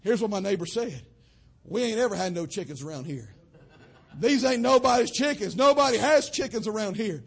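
A young man from western North Carolina, preaching a sermon as a pastor, swelling to shouts and dropping low. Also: expressive, normal speed, gravelly, slightly rough. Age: young adult.

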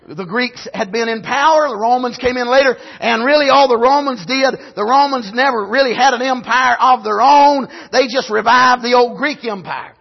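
A man preaching a sermon in a church service, swinging between shouted lines and low asides and punctuating with amen. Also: normal speed, vocal fry, hardly any pauses. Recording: dull lo-fi recording.

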